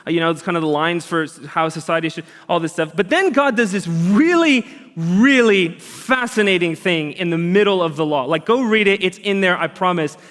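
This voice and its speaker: A man preaching a sermon as a pastor, earnest and conversational, with lively emphasis. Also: high-pitched. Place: church auditorium. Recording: long hall reverb.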